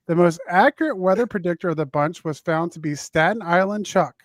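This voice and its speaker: A man with a Southern US accent reads news items aloud on his casual podcast, often hesitating, restarting, and filling gaps with uhs and ums. His voice is a little high, and the recording sounds dry and close.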